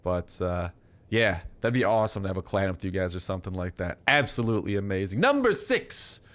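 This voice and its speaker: A man's voice: low voice, quick pace, a bit bright. A young man giving casual, rambling commentary over his gameplay, full of fillers and jokes. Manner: rambling, filler-heavy, jokey. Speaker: gaming YouTuber.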